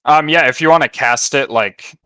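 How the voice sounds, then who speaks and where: A man acting as dungeon master in an online tabletop game, calmly guiding players through the rules and narrating the action. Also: mid-range voice, moderate pace, smooth, no room sound.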